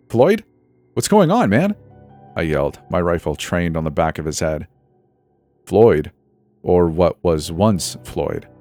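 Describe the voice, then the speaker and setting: A man narrating a scripted first-person horror story in a tense, steady way. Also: low voice.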